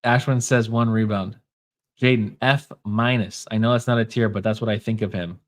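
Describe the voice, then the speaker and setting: A man's voice: fairly low pitch, fairly even intonation, moderate pace. A man with a Minnesota accent hosting a casual livestream, talking in a wry, offhand way and reading comments from the chat aloud. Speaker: podcast host.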